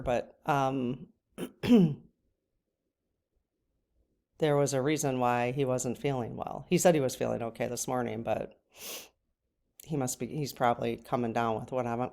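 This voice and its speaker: Low-voiced woman chatting tearfully. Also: creaky, dark tone. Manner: tearful, breaks off to cry. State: crying at times. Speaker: channel host. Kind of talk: casual emotional vlog.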